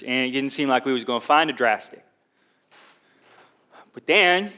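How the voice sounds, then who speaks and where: A poor young drifter, played by a man on a theatre stage, telling his hard-times story in earnest, folksy speech with rustic grammar. His voice is fairly high and bright. The monologue is delivered with plain, sincere stage presence.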